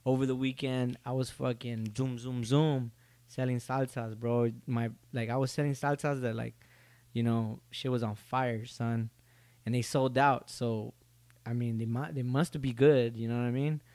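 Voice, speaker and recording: A man's voice: mid-range voice, fairly even intonation, moderate pace, darkish tone, dry recording. A young man hosting a solo podcast, rambling casually with lots of swearing and jokes. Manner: profane, rambling, joking. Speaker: podcast host.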